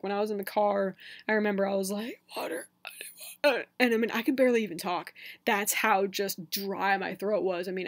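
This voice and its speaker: A man's voice: sits high, creaky, a bit bright, dry recording. A young man telling a story on his vlog in a casual, chatty way, full of fillers and laughs. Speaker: vlogger.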